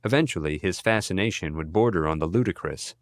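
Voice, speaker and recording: A man narrating an audiobook in an even, measured reading style. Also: low voice, dry recording. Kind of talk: scripted narration.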